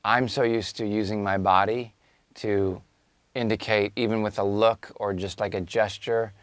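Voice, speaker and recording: A man's voice: on the low side, steady tone, normal speed, dry recording. A man giving thoughtful, casual interview answers. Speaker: voice actor interviewee.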